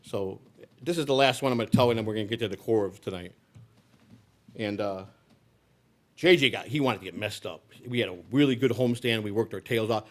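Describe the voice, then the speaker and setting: A man's voice: fairly low pitch, fairly quick. A man in his sixties telling a long personal story in a live speech, rambling, with frequent restarts and repeated words. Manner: rambling, with many restarts and repetitions. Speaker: political candidate.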